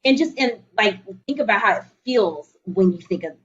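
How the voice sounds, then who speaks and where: A woman guest on a podcast who coaches her listeners. Her voice rises and falls in a lively way as she coaxes and encourages. The sound is dull and lo-fi, as from a remote call. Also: mid-range voice, normal speed. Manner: animated, encouraging, coaxing. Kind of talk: casual podcast chat.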